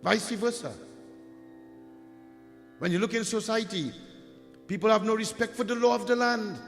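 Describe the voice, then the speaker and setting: A man's voice: sits high, a little fast. A man preaching a devotional sermon, emphatic and repetitive, addressing his listeners directly. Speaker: Hindu preacher. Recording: reverberant hall with faint music.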